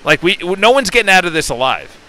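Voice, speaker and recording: A man talks in a sharp, forceful voice into a headset on his phone, likely while sitting in a parked car. His pitch sits a little above average. He rambles through a motivational monologue, breaking off and restarting his sentences and slipping into other voices to act out what people say. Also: sing-song, fairly quick, rough recording. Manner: rambling, with self-interruptions and restarts; acts out quoted dialogue in shifting voices. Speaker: real estate agent and self-development vlogger.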